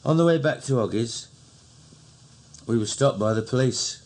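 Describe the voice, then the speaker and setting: A man with a Cockney accent, slowly and fondly recounting old memories in a recorded diary. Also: mid-range voice, expressive. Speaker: narrator.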